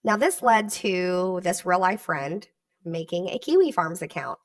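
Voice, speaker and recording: A woman narrating a commentary video in a measured, scripted way, reading out dates and comments. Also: on the low side, animated, no room sound, far from the mic.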